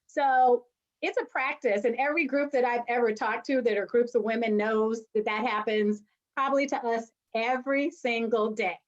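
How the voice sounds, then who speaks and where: A woman speaking as a forum panelist, animated and playful, acting out quoted reactions. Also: fairly high pitch, normal speed. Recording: dull muffled audio.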